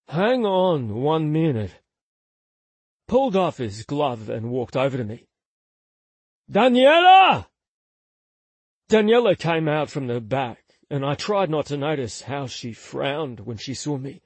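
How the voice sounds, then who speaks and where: A man narrates a first-person story in a slow, intimate, confessional tone. His voice is husky and sits somewhat high for a man. The close, dry recording has no room echo. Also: animated, darkish tone. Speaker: audiobook narrator.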